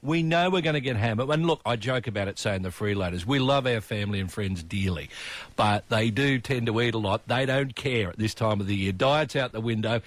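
A man's voice: on the low side, animated, a little fast, no echo. A man with an Australian accent hosting breakfast radio in a studio, chatting casually, joking and reading the news.

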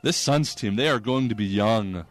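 A man hosting a comedy sports segment, delivering rapid jokes and laughing at his own punchlines. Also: lowish voice, soft background music.

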